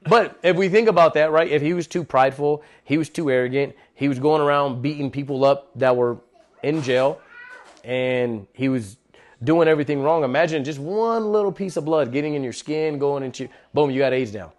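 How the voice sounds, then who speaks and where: Man, slightly high voice, laid-back church talk, slangy, animated, calls everyone bro. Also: moderate pace. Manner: animated, acts out quotes. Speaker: lay speaker at a church gathering. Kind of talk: casual devotional talk.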